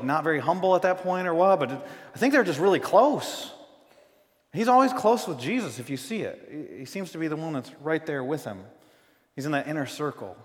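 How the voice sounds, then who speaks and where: Conversational pastor preaching in a reverberant hall. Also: male voice, on the high side. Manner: conversational, swings from loud emphasis to hushed. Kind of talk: sermon. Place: church sanctuary.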